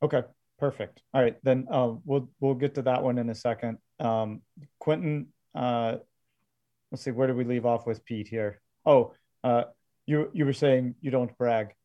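A man's voice: medium pitch, fairly even intonation, a little slow, dull audio. A man acting as game master, narrating a tabletop game with frequent hesitations and fillers.

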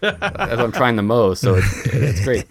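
A man's voice: medium pitch, very animated, measured pace, vocal fry, noisy background. A man speaking as a podcast guest in casual chat, joking and swearing freely.

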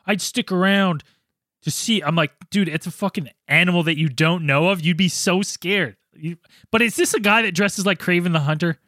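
A man's voice: high voice, normal speed, pushed and bright, dry recording, clean studio sound. A man co-hosting a podcast, bantering loosely with jokes and swearing. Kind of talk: casual banter.

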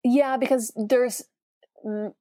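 A young woman co-hosting a podcast in casual chat, teasing and breaking into quick laughs. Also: fairly high pitch, fairly even intonation, warm tone, no room sound, studio quality. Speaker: podcast co-host.

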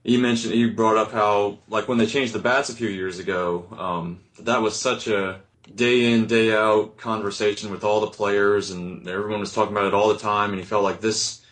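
A man's voice: lowish voice, steady tone, moderate pace, a bit bright. A man on a podcast panel talking in a casual, hesitant way, full of ums and restarts. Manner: hesitant, many ums and kinda. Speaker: reporter on the panel.

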